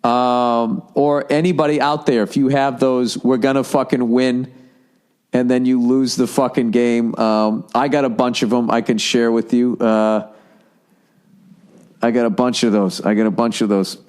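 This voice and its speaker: A man's voice: medium pitch, steady tone, moderate pace, a little mellow, clean tone. A middle-aged man hosts a podcast alone, talking in a loose, rambling monologue. He swears constantly and sounds exasperated as he jumps from one thought to the next. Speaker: podcast host. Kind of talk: casual ranting monologue.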